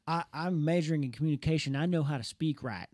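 A man's voice: a little high, fast talker, darkish tone, dry recording, studio quality. A young man co-hosting a casual talk, telling a personal story earnestly with many restarts. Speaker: podcast co-host.

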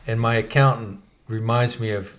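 A middle-aged man co-hosts a casual podcast at an ordinary mid pitch. He talks in an animated way, swears freely and slips into other people's voices while telling stories. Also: moderate pace. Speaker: podcast co-host. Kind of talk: casual storytelling chat.

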